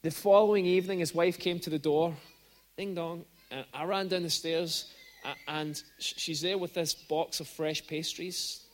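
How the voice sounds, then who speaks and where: A man's voice: fairly high pitch, steady tone, normal speed. A man preaching as a guest speaker at a church service, telling stories in a chatty way and building to emphatic peaks. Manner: conversational storytelling, with bursts of rising emphasis. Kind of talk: sermon.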